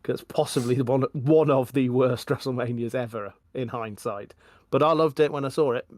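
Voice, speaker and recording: A man in his forties co-hosting a podcast, chatting casually in a measured, reflective way. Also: medium pitch, darkish tone, no echo. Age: 40s. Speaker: podcast co-host. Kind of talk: casual chat.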